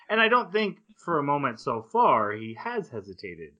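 A man's voice: fairly high pitch, normal speed, dull audio. A man on a podcast, casually recapping an anime and acting out the characters' lines as he goes. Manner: animated retelling, acts out characters' lines. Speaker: podcast host.

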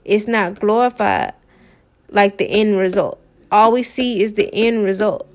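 A woman's voice: medium pitch, animated, measured pace. A woman tarot reader giving a casual, encouraging pep talk to her viewers, talking loosely with lots of "y'all" and "man" and repeated phrases. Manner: conversational, repeats herself, uses "y'all" and "man".

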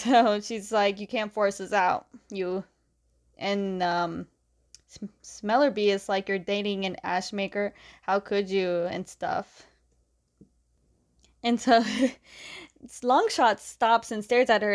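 A woman's voice: medium pitch, fairly even intonation, measured pace. Chatty woman recapping a story. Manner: chatty, strings quotes with "is like", laughs often. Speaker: comic book recapper.

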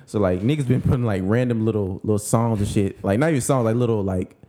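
A man's voice: lowish voice, fast talker, warm tone. A young man co-hosting a casual podcast, telling rambling stories with lots of fillers. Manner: rambling storyteller, many fillers. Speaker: podcast co-host. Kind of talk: casual chat.

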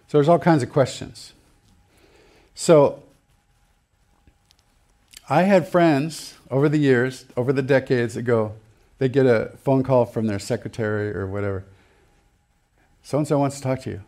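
A man's voice: medium pitch, unhurried, pauses often, a little mellow. A middle-aged man gives a sermon from the pulpit, conversational rather than formal. He tells stories with easy laughter and acts out the quotes along the way. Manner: chatty, laughing storyteller who acts out quotes. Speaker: pastor.

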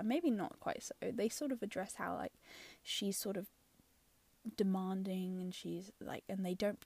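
Chatty woman with a gravelly edge. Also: medium pitch, darkish tone, no room sound. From London. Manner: chatty and opinionated, many fillers, drops into whispery asides. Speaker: film reviewer. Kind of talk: casual spoken film review.

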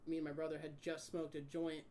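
A man in his twenties telling a story in casual chat with friends, animated and swearing, acting out the voices of the people in it. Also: fairly high pitch, brisk, a little hiss or hum. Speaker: podcast guest.

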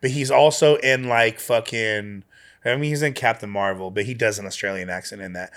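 A man talking as a guest on a podcast, rambling and animated, full of slang and heavy swearing. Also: fairly low pitch, fairly quick. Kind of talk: casual podcast chat.

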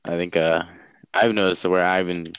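A man's voice: deep voice, fairly even intonation, moderate pace, a bit bright, clean tone, no echo, highs cut off. A young adult man chatting casually, hesitant and full of fillers. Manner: hesitant, many fillers and restarts. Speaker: streamer. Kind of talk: casual chat.

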